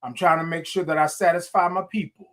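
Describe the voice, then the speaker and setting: Casting: Southern Texan man, morning-show host, folksy repeat-heavy chat, voice sits a bit high. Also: steady tone, fast, fairly bright tone. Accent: Southern US, Texas. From Houston, Texas. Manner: folksy, repeats himself, greets viewers by name. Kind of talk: casual livestream chat.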